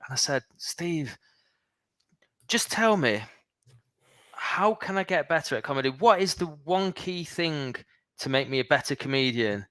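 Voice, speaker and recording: A male comedian trades anecdotes as a radio guest and acts out the lines he quotes. His voice is smooth and resonant, recorded close and dry with no room sound. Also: a little high, lively intonation, a little slow, pauses often, fairly bright tone, no room sound. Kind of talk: casual chat, telling anecdotes.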